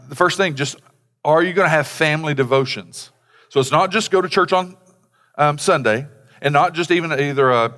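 A middle-aged man preaching in a conversational, rambling way, full of fillers and restarts, with acted-out bits of dialogue. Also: a bit bright. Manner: acts out quoted dialogue in a lower voice. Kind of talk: sermon on family devotions. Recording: long hall reverb.

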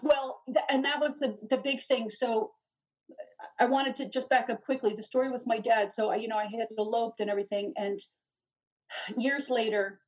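Woman guest, earnest testimony; husky, dull distant lo-fi recording. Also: a little high, fairly even intonation, moderate pace. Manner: earnest, with frequent restarts. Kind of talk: emotional personal testimony.

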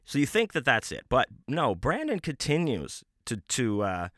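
A man's voice: medium pitch, wildly swooping pitch, normal speed, fairly bright tone, no room sound, studio quality. Profane, rambling man telling a story. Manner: rambling, profane, with many restarts and fillers. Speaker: podcast host. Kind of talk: casual storytelling.

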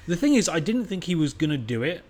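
A man's voice: a little high, very animated, fast talker, a little mellow, a little hiss or hum. A man co-hosting a podcast in casual chat, with dry, self-mocking humor. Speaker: podcast co-host.

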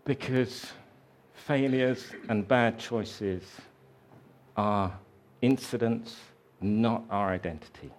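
Male preacher, slow deliberate delivery, reflective sermon storytelling. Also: fairly low pitch, slight background noise. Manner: slow, reflective storytelling with dramatic quoted voices.

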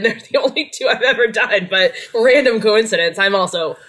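A woman's voice: mid-range voice, brisk, a bit bright, low-quality recording. A woman guest on a podcast, joking playfully about herself while speaking from her home studio. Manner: jokey, playful, self-mocking. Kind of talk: casual chat.

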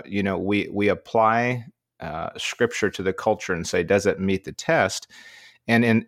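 A man's voice: fairly low pitch, fairly bright tone, no echo, studio quality. A man co-hosting a casual discussion, often chiming in with short affirmations.

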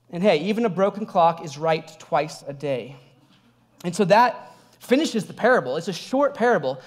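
A young adult man, a pastor, preaching a sermon in a conversational, animated way, telling a personal story with laughs. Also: high voice.

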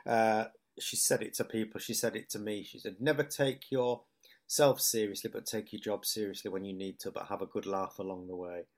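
A man's voice: lowish voice, fairly even intonation, normal speed. Man in his fifties, an actor telling stories in a chatty interview, keeps quoting people. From Hull, England. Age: 50s. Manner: rambling anecdotes, quoting others, laughing often. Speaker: actor guest.

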